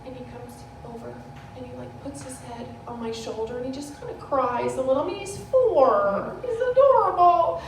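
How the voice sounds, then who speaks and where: A woman's voice: fairly high pitch, moderate pace. A woman performing a stand-up comedy routine, telling a story in a mock-serious way and laughing at her own punchlines. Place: bar stage before a live audience. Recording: echoey room from far off, noisy.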